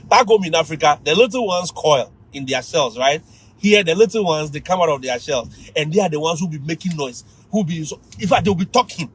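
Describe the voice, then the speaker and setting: A man with a Ghanaian accent, a teacher giving lively advice to fellow teachers on a livestream, often laughing and mimicking students. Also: high voice, husky, low-quality recording.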